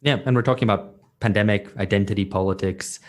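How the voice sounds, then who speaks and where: A man's voice: on the low side, fairly even intonation, fast talker. A man co-hosting a podcast, talking in a dry, matter-of-fact way. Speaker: podcast co-host. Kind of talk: conversational podcast chat.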